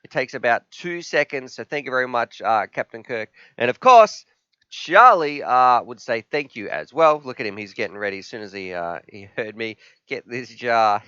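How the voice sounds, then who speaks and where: Chatty Australian male stream host, bright crisp voice, dry lo-fi sound. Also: medium pitch, lively intonation, moderate pace, no room sound. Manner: chatty, reads viewer comments, laughs easily. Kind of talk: casual live stream chat. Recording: dry, slightly dull lo-fi sound.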